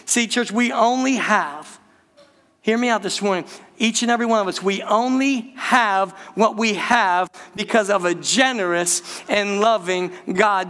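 A man preaching a lively, conversational sermon, speaking directly to his congregation. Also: sits high, long reverb tail. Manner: energetic, conversational preaching with direct address to the church. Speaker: pastor. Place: church sanctuary.

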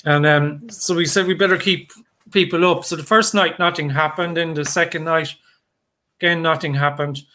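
A man recounting a folk tale in a loose, chatty way, doubling back on his words. His voice sits a little high, with a bright, forceful edge. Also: steady tone, moderate pace. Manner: rambling and conversational, with many fillers and restarts. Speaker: storyteller. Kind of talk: oral folk storytelling.

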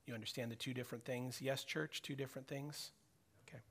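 A man's voice: medium pitch, fairly even intonation, quick pace, a bit bright. A middle-aged man preaching a sermon in a conversational way, acting out prayers and dialogue as he speaks. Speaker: pastor.

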